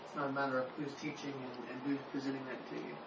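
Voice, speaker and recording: A man in a Bible class answers the teacher in a flat, even tone, repeating words while he searches for them. He sits far from the mic in a roomy space. The pickup is muffled and buried under steady background noise. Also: mid-range voice, fast talker. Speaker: class participant. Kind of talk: answering in a group discussion.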